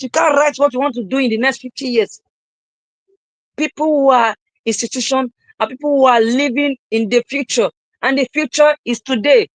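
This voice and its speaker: A young man giving a live-streamed motivational talk, repeating his lines emphatically and rising at times to shouts. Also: very high-pitched, dry recording, low-quality recording. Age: young adult. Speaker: motivational speaker.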